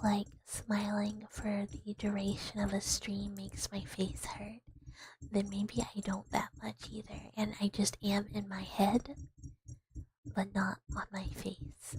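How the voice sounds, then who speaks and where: A woman streaming ASMR in whispered role-play, rambling in a soft, self-deprecating whisper. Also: medium pitch, slight background noise, poor audio.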